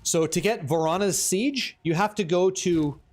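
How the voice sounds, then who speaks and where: A man's voice: high-pitched, a little slow. A man streaming a game, chatting casually with his viewers, joking and swearing freely as he reads the chat. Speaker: livestream gamer.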